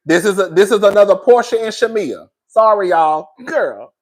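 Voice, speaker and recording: A man's voice: high-pitched, lively intonation, moderate pace. A man giving a casual, opinionated review of a reality show, sassy and blunt, calling his viewers girl and baby. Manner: blunt, swears freely. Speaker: reality TV commentator.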